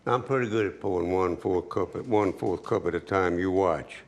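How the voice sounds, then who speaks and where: A man's voice: deep voice, brisk. A man giving a cooking demonstration as a home cook, folksy and chatty, talking straight to the viewer.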